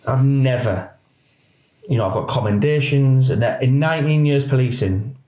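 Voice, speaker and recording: Ex-cop, animated storyteller. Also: male voice, mid-range voice, normal speed, roomy sound, rough recording. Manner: animated storyteller acting out quoted dialogue. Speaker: guest, former police officer. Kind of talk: candid podcast interview.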